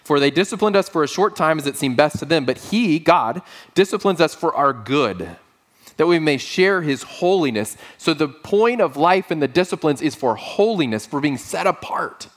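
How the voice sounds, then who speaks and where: A man preaching a sermon to a congregation, rising and falling sharply in pitch, with humorous stories told in deadpan quoted lines. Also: normal speed. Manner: lively preaching with sudden pitch leaps and quiet asides. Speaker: pastor.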